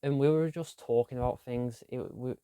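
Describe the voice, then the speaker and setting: A man's voice: mid-range voice, steady tone, normal speed, mellow, smooth, no room sound. A young man, chatting casually about his week in a rambling, self-deprecating diary vlog. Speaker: vlogger.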